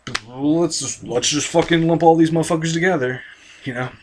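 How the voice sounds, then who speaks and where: A man's voice: on the high side, fairly quick, darkish tone, a little hiss or hum. A man from the United States, ranting with constant profanity and reading an article aloud between angry, rambling tangents full of restarts. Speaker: video commentator.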